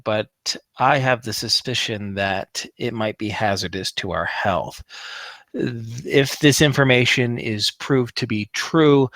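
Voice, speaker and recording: A man's voice: lowish voice, fairly bright tone, no echo. A man playing a prim, precise bespectacled scholar.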